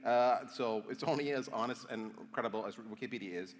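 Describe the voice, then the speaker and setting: Man in his fifties, event host, jokey and chatty, middle pitch, hall echo. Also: fairly quick. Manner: chatty, jokey, frequent yeahs. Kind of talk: onstage interview. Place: large hall with audience.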